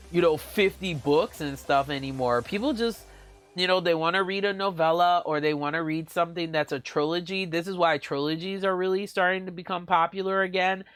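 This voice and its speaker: A book vlogger with a high-pitched, somewhat bright voice chats casually on a live stream. He's gushing and giggly, full of playful exclamations, and keeps addressing his viewers as "guys."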